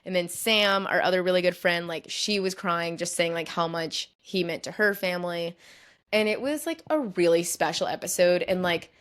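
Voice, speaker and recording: A woman's voice: on the low side, normal speed, fairly bright tone. A young woman hosting a podcast, telling a long story in a chatty way and filling her sentences with "like". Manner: chatty, fills nearly every phrase with "like". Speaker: podcast host. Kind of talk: casual storytelling monologue.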